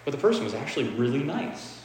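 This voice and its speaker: A man's voice: mid-range voice, very animated, fast talker, darkish tone, a little hiss or hum. A man giving a casual, candid dharma talk, swearing freely and repeating phrases for emphasis. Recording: echoey hall with faint ambience.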